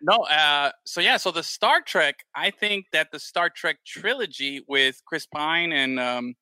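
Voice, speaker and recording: Man, casual co-host chat, animated and rambling, bright voice, slightly high pitch. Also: measured pace, smooth, no echo. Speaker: podcast co-host.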